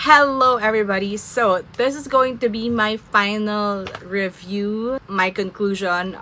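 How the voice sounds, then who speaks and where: A young woman from the Philippines chats to camera in a casual book vlog. Her voice is bright and clear, and she talks in an open, gushing, emotional way. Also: medium pitch, slight background noise. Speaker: book vlogger.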